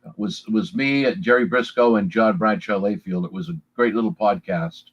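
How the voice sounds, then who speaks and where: An older man speaks as an interview guest, plain and self-deprecating. His husky voice comes through dull, lo-fi remote audio. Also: lowish voice, fairly quick. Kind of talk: casual interview chat.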